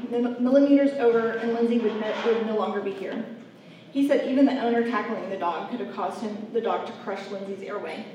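Speaking directly to those listening, a woman recounts her faith journey with sincere, heartfelt feeling in a mid-range voice of darkish tone. Echo from the room, a far-off mic, and faint background noise color the recording.

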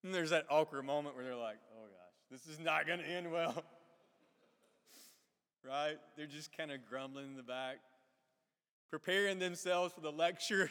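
A pastor preaching, with a fairly high voice. He asks his listeners questions and voices the characters of the story as he goes. His words ring on with the long reverb of a big church hall. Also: a bit bright, clear, resonant tone. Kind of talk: sermon.

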